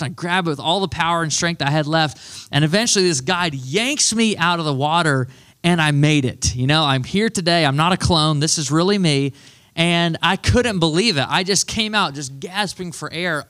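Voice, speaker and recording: A male pastor telling a story in a sermon, animated and self-deprecating. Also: fairly high pitch.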